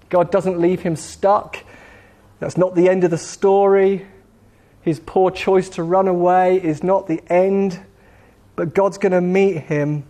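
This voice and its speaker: Guy preaching a sermon real slow with long pauses, mellow relaxed tone. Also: sits high. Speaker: pastor.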